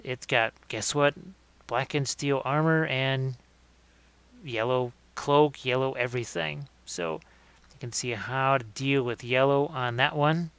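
A man giving a live-streamed miniature painting demonstration, relaxed and thinking aloud as he works, often correcting himself mid-sentence. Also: medium pitch, a little slow, creaky, clear, resonant tone, no room sound.

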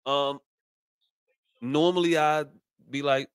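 Male podcast co-host, street slang, animated retelling, dry booth sound. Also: medium pitch, unhurried, smooth, no room sound. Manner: animated storytelling, profane, slangy. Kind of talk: casual podcast chat, reading texts aloud.

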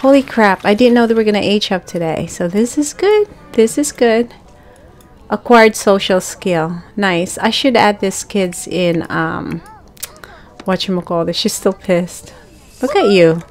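A woman giving casual gameplay commentary, chatting to the characters on screen and bursting into excited exclamations. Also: mid-range voice, unhurried. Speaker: gaming channel host.

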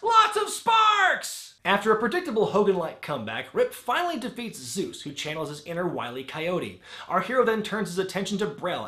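A man's voice: sits high, reverberant. Sarcastic man reviewing a movie. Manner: sarcastic, with sudden shouted outbursts. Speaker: wrestling film reviewer. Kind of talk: comedic movie review narration.

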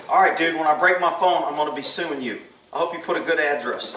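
A man's voice: on the high side, animated, a little fast, sharp tone, recorded from a distance. A man opening gifts on camera, muttering to himself and swearing freely as he goes. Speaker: channel host opening gifts. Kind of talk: casual unboxing chat. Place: room at home with a table. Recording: echoey room, voice off-mic, faint noise.

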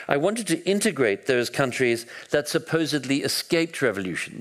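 Man telling history with lively restarts. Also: medium pitch. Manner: animated storytelling with frequent restarts and hesitations. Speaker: historian giving a talk. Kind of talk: public lecture, storytelling.

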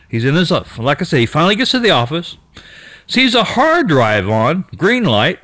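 A man's voice: fairly high pitch, wildly swooping pitch, moderate pace, sharp tone, dry recording. A man casually retelling what another person found in an abandoned store, rambling with restarts and mild cursing. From United States. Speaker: YouTube storyteller.

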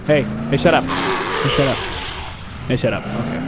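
A young man commentating his gameplay, jumpy and talking back at the game, yelping and shouting at times. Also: medium pitch, measured pace, creaky, long pauses. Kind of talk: let's play commentary. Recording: noisy game audio underneath.

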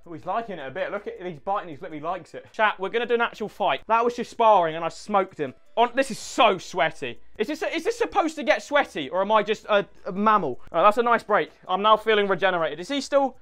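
High, excitable man shouting. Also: quick pace, few pauses, faint music behind. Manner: loud, sweary, jokey, often shouting. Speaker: gaming YouTuber. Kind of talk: excitable gaming commentary.

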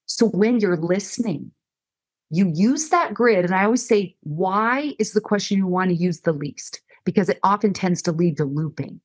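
Middle-aged woman, counselor guest on a faith podcast; animated teacher who acts out quoted dialogue, mid-range pitch. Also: normal speed.

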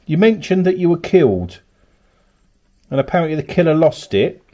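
Lively-voiced man from Kent coaxing spirits. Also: fairly high pitch, normal speed. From Kent, England. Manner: coaxing, calls out politely to spirits. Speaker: paranormal investigator. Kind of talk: ghost-hunting narration. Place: abandoned cottage, indoors, at night.

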